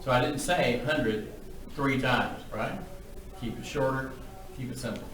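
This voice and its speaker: A man's voice: medium pitch, measured pace, crowd noise. A man instructing an auctioneering class, blunt and joking, demonstrating the chant. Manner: blunt, joking, plain-spoken. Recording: very echoey room from far off.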